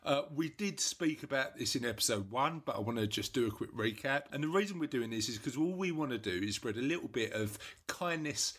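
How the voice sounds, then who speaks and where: A man's voice: mid-range voice, animated, a little fast, few pauses, fairly bright tone, slightly rough. A man co-hosting a casual podcast, upbeat and chatty, often repeating his phrases. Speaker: podcast co-host. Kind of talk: casual chat.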